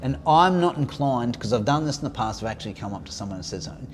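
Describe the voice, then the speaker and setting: Chatty man, mid-pitched voice. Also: lively intonation, very fast, a little hiss or hum. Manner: chatty, frequent agreeing interjections, stammering restarts. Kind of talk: casual chat.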